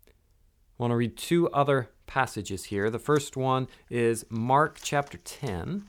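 A man delivers a sermon in a middle-pitched voice. He moves between quiet, hushed stretches and loud, emphatic climbs. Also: slow pace. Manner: dynamic preaching, swings from hushed to loud. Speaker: pastor.

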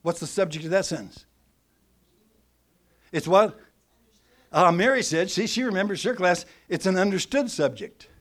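A middle-aged man preaching a sermon, teaching with animated emphasis that swings between loud and soft. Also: high voice, moderate pace, pauses often.

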